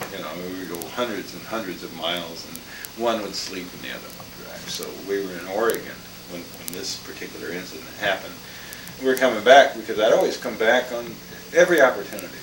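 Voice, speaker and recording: A man's voice: sits low, a little fast. An older man casually telling rambling family anecdotes, chuckling as he goes. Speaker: storyteller. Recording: echoey room, mic far off, clear background noise.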